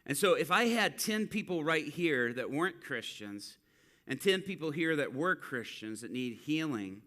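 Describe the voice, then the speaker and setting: Speaking to his church at a moderate pace, a man with a slightly high voice relates a street-ministry story. He tells it with animation, acting out each character's words.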